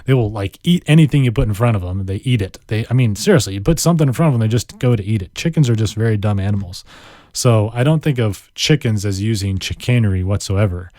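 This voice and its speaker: A man's voice: fairly low pitch, expressive, fast, dark tone, dry recording, studio quality. A man hosting a solo vocabulary podcast, playful and chatty, drawing out words and joking at his own expense. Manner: playful, chatty, self-deprecating, draws out words. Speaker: podcast host. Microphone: studio microphone.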